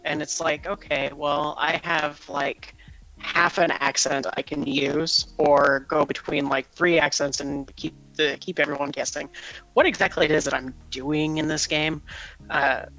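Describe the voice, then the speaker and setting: A man with a bright, slightly high voice explains his character choices in a casual, self-deprecating way. Faint music runs underneath. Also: fairly even intonation, measured pace, poor audio. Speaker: guest player. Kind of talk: casual podcast chat.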